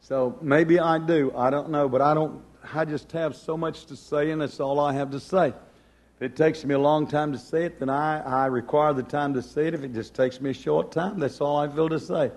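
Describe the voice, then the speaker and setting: A man's voice: on the high side, fairly even intonation, normal speed, a little mellow. A man preaching a sermon in a fervent cadence, building phrases by repetition.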